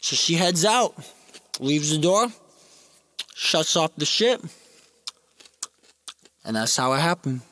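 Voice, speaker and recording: A man's voice: fairly high pitch, lively intonation, slow, long pauses, sharp tone. A man telling a crude, rambling comedic story in a casual ASMR storytelling style.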